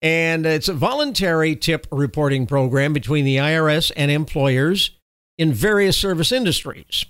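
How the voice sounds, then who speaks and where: A man hosting political commentary, reading news items in a formal, steady way and breaking off into sarcastic, scornful remarks. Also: on the high side, moderate pace, smooth, no echo. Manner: sarcastic, scornful asides with chuckles; reads official text in a steady, formal delivery.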